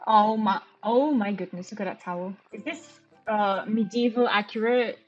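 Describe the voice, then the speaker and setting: Excitable chatty woman streamer. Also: medium pitch, moderate pace. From Romania. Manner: chatty, excitable, thinking aloud with gasps of delight. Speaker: game streamer. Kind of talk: casual live-stream chat while playing. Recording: dull lo-fi stream audio with faint music.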